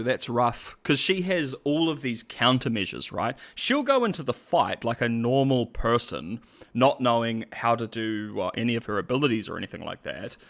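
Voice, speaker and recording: A man's voice: mid-range voice, a bit bright. Rambling Cockney man. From England. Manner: rambling, full of "like" and restarts, laughs often. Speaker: host. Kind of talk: casual commentary.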